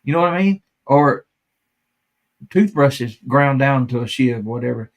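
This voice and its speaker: A man's voice: medium pitch, lively intonation, measured pace. A man hosting a live stream, chatting casually, rambling and laughing often.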